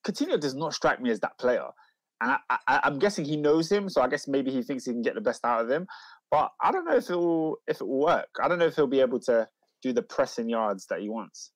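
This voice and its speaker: A man's voice: mid-range voice, dry recording, poor audio. A man co-hosting a casual football chat, arguing his points and reading viewer comments aloud. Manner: argumentative, reads comments aloud.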